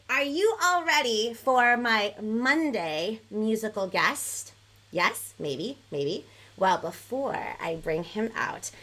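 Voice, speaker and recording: A woman hosting a live online music show for children, bubbly and animated, cheering and counting along with her young viewers. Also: fairly high pitch, a little slow. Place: home in Los Angeles. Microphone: headphones on, live stream.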